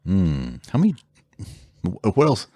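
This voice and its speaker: A man's voice: deep voice, wildly swooping pitch, unhurried, dark tone, no echo, studio quality. A man co-hosting a podcast in casual chat, bantering in a playful, jokey way. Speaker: podcast co-host.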